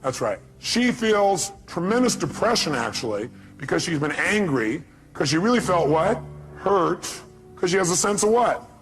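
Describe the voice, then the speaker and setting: Male motivational speaker, a bit high-pitched, emphatic and questioning, loud peaks and hushed asides, music underneath. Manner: emphatic, rhetorical questions to the crowd; swings from loud bursts to low intimate asides. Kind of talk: motivational speech to an audience. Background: music bed.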